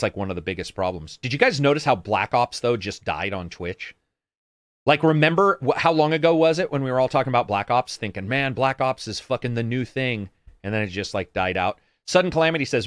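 A man's voice: medium pitch, fairly quick, fairly bright tone, no room sound. Sarcastic man reading chat, dry sound. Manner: rambling, swears freely, sarcastic asides. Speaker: stream co-host reading viewer comments. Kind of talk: casual gaming chat.

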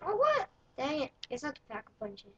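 A woman giving casual gameplay commentary, excitable and playful, often yelling when in danger. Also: high voice, moderate pace. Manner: playful, swaps swearing for mild words. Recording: dull lo-fi recording with faint noise.

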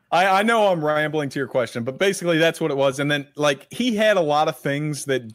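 A man's voice: on the high side, animated, brisk, no room sound, studio quality. A man as a guest on a casual podcast, rambling with many fillers and self-deprecating remarks.

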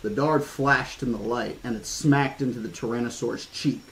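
A man's voice: mid-range voice, moderate pace, slight background noise, rough recording. A man reading a horror-themed novel aloud, stopping now and then for casual asides and restarts. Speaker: audiobook reader.

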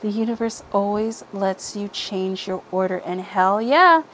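A woman's voice: mid-range voice, a little slow, a bit bright. A woman giving a casual tarot reading, blunt and heavy on swearing, with many fillers like "you know" and "okay". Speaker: tarot reader. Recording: faint background noise, helicopter overhead at times.

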